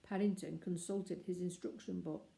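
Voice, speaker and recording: Mellow, gravelly woman reading a story. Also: on the low side, moderate pace, rough recording. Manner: lively character voices. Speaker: narrator.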